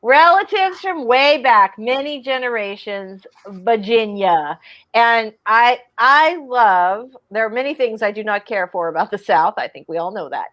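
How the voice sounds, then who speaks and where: A woman's voice: a little high, lively intonation, moderate pace, hardly any pauses, fairly bright tone, dull audio. A woman writer chatting casually on a video call, enthusiastic and jokey. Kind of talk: casual group chat on a livestream.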